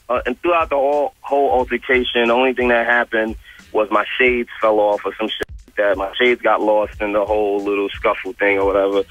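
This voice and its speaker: A man in his thirties with a New York accent, calling in to a radio show and telling a story in an animated, slangy way. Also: on the low side, no room sound. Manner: animated, retells quotes in a slangy street style. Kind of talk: casual storytelling on a call-in. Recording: muffled radio phone-in audio.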